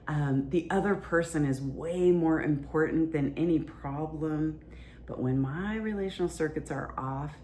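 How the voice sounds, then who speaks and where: Low-voiced woman teaching casually. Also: darkish tone, a little hiss or hum. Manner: conversational, explains plainly with fillers. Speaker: relationship teacher and podcast host.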